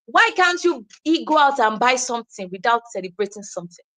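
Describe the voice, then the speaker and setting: Nigerian lady giving a chatty talk, kinda high voice, acts out voices and laughs a lot. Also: brisk. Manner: animated, acts out quoted voices, laughs often. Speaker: wellness speaker. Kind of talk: informal teaching session with slides.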